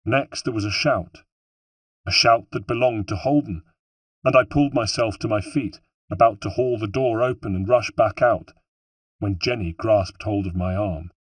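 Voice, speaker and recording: Low husky male audiobook narrator. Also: no echo. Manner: measured, somber storytelling. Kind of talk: scripted first-person narration. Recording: dry, distant mic.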